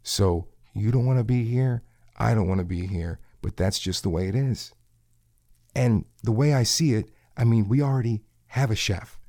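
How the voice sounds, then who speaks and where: A man playing a domineering, crude male kitchen coworker in an adult audio role-play, taunting and commanding in a husky voice with breathy asides. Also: lowish voice, moderate pace, dark tone, no echo, clean studio sound, close to an everyday voice. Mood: irritated.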